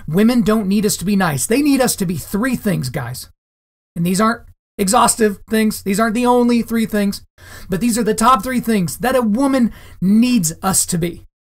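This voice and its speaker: A man's voice: high voice, expressive, normal speed. A man hosting a solo podcast monologue, talking to his listeners in an emphatic way and repeating phrases for stress. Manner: direct, addresses listeners as guys. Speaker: podcast host.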